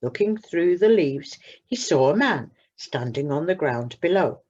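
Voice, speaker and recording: A woman reads a children's story aloud at a slow, expressive pace. Her voice has a gravelly, husky grain and lively pitch. The recording sounds dull and lo-fi. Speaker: storybook reader at a church service.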